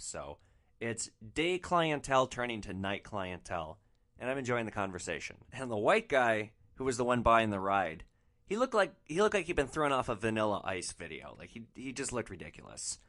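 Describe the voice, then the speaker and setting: Animated, bright-voiced man telling stories. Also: on the low side. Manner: animated, profane, exasperated. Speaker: podcast host, rideshare driver. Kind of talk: comic storytelling.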